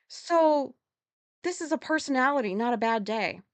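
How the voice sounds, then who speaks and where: Swearing, rambling woman with a high voice. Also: animated, no echo. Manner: rambling, heavy swearing, quick self-corrections; gets loud and agitated when retelling a conflict. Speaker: podcast host. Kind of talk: casual storytelling monologue.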